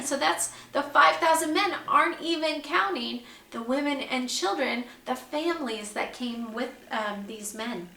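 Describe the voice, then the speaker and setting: A woman with a high, bright voice gives a Bible lesson to young children. She explains each point slowly and clearly and keeps asking them questions. The sound is echoey, as if recorded in a bare room. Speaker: second grade teacher.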